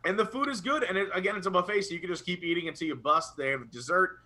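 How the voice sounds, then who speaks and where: A man's voice: high-pitched, quick pace, crowd noise. A young man co-hosting a casual live chat, talking with rambling enthusiasm. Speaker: podcast co-host.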